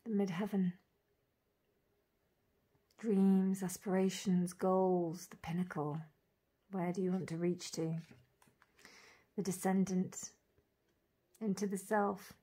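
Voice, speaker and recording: A woman walking through an oracle deck card by card, calling out each name and meaning with soft, gushing admiration. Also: medium pitch, fairly even intonation, slow, pauses often, breathy edge. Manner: dreamy, admiring, lingers on single words; soft laughs and gushing asides. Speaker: tarot reader reviewing an oracle deck. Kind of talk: casual unboxing walk-through.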